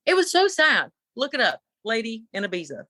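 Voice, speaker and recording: A middle-aged woman co-hosting a podcast, telling a story in an animated, opinionated casual chat. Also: a little high, brisk, dry recording. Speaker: podcast co-host.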